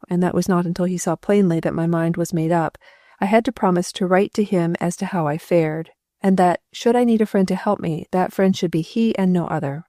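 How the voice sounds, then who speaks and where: Woman, audiobook narrator, measured, warm dark tone, dry studio sound. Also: on the low side, dry recording. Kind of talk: scripted first-person narration.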